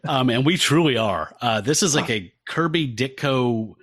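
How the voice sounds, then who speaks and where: A man hosting a podcast, casually walking through comic pages in an animated way with lots of fillers. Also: medium pitch, moderate pace. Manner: animated, describes panels with many fillers. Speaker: podcast host. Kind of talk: casual comic-book discussion.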